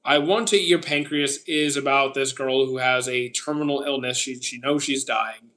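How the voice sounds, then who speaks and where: A man's voice: mid-range voice, moderate pace, bright, forceful tone. Man in his thirties chatting on stream. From Canada. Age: 30s. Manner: reads out viewer questions and answers them briefly with frequent "uh"s. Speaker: streamer answering chat. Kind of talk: casual livestream chat.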